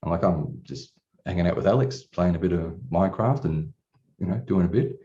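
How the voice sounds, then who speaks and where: This man's voice is low, warm and fairly quick, with a little hiss or hum. Speaking as a client offering a testimonial, he shares his own story earnestly and emotionally, with frequent restarts and casual cursing. It's picked up by a distant mic with dull, lo-fi quality.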